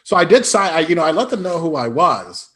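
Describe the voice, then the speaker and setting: A man from Illinois, an improv comedian, telling lively anecdotes as a podcast guest and acting out the people he quotes. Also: a little high, a little fast, slightly rough. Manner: animated anecdotes with put-on quoted voices. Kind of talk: casual storytelling interview.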